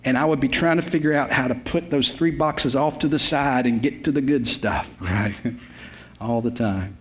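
A man's voice: mid-range voice, moderate pace, slight background noise. A man, preaching a sermon as a pastor. He tells the story in an emphatic, repetitive way with folksy humor. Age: 50s.

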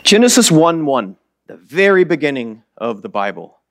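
A man's voice: a little high, very animated, normal speed. A man preaching a sermon in a church in a casual, rambling, self-deprecating way, his voice a bit strained. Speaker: lay preacher. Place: church sanctuary.

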